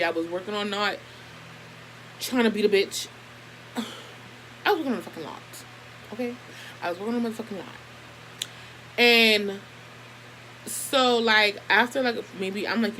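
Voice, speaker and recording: A young woman vlogger telling a story in a casual, animated and heavily profane way. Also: medium pitch, fairly quick, pauses often, slight background noise, low-quality recording. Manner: profane, animated, emphatic retelling.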